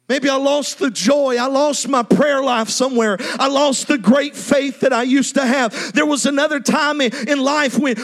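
A man preaching a sermon, impassioned and repetitive, often lifting into a sung, shouted cadence. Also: very high-pitched. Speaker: pastor.

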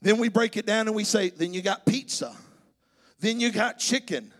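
A man with a strikingly high voice preaches to his congregation. He delivers his sermon emphatically, rising into shouts and a sing-song cadence, often stammering and restarting his phrases. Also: animated, moderate pace. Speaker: pastor. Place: church sanctuary.

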